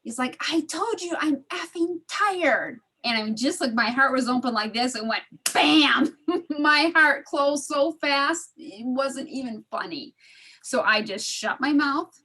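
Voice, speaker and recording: A woman's voice: sits high, measured pace, pushed and bright, slightly rough. Chatty woman telling a story on a video call. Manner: chatty, laughing, acts out quoted voices. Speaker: study group participant. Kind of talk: casual storytelling in an online group.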